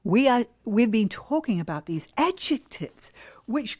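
An emphatic woman gives a devotional talk to mothers, exhorting them and acting out cheerful replies. Her pitch leaps and falls with great liveliness. She speaks slowly, letting each phrase land. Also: big pitch swings, a little mellow, husky.

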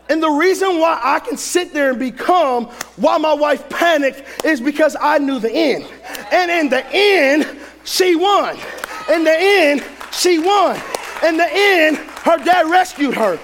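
Man, preacher, very high voice, animated pitch, shouting sermon. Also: moderate pace, slight background noise. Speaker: pastor.

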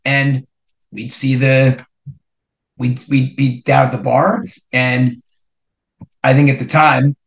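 A middle-aged man from New Jersey, hosting a podcast and telling a personal story in an animated way, building suspense with repeated rhetorical questions. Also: medium pitch, slow, vocal fry, long pauses. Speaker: podcast host. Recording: roomy echo.

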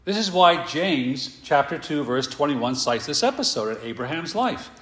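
Male preacher with a lively rising and falling voice, unhurried, echoing sanctuary, asks the room questions. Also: on the high side. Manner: rhetorical questions, emphatic, slows down for stress. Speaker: pastor. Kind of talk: sermon.

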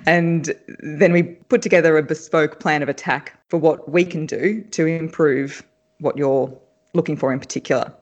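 A woman speaking as a voice coach in an interview, her pitch swinging up and down as she explains her methods. She talks in an animated, explanatory way and often breaks into laughter. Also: normal speed. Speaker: voice and speech coach.

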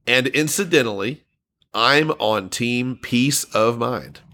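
A man co-hosts a relaxed podcast chat, reading listener comments aloud and laughing along. His voice is bright and forceful, at an everyday middle pitch. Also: takes it slowly. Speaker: podcast co-host.

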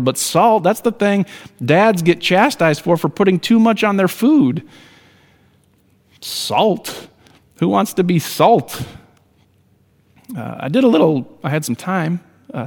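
A man preaching a sermon in a slightly high voice, earnest in tone and building toward emphatic calls to his listeners. His words ring out with a long reverb, as if spoken in a church. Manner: earnest, rising to emphatic exhortation. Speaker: pastor.

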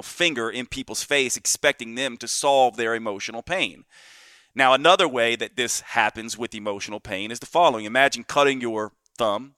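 Bright-voiced man telling a podcast anecdote. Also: mid-range voice, clear, resonant tone, no echo, clean studio sound. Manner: explains with vivid everyday anecdotes, often asking "right?". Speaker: podcast host. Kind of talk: solo podcast talk.

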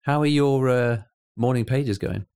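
A British man co-hosting a podcast, telling lively stories in casual chat and laughing often. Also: medium pitch, measured pace, smooth. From United Kingdom. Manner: animated storyteller, laughs often. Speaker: podcast co-host.

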